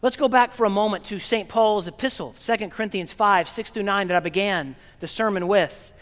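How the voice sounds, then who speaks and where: Man, priest, high voice, earnest funeral sermon, long church reverb. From Oklahoma. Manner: earnest, gently paced preaching with pauses. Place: large church.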